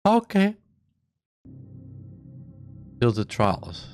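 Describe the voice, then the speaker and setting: A man giving casual game commentary as a streamer, with bemused, quick reactions. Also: fairly low pitch, big pitch swings, faint music behind. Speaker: let's play streamer.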